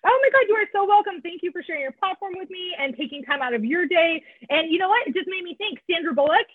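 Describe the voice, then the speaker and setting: Over a call, a woman guest on a podcast, an author in recovery, tells her recovery story frankly and conversationally. Her very high voice is animated and fast, and she swears and fills her speech with "like" and "you know." The tinny phone line sounds dry, with no room sound.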